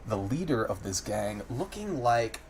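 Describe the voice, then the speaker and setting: A man narrating as game master, describing scenes in a lively way and prompting players. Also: medium pitch, unhurried, slight background noise, rough recording.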